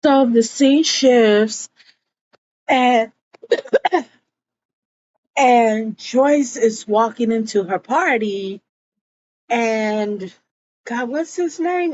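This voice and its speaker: A woman recapping a TV episode in casual chat, slipping into quick voices for the characters' lines. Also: a little high, darkish tone, dull audio, a little hiss or hum. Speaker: show recap vlogger.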